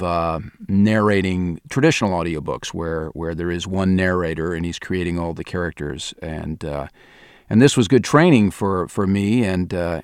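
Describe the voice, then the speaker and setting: Man, very low voice, dry close studio sound, hesitant interview answers, voice actor and director. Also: dry recording. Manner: hesitant, thinking aloud with many restarts. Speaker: audio drama director and voice actor.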